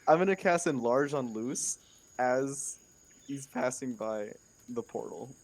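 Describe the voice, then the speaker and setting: A woman's voice: a bass voice, lively intonation, a little slow, noisy background. A woman playing a tabletop game, mischievous and stumbling over her words. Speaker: player. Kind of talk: casual tabletop play.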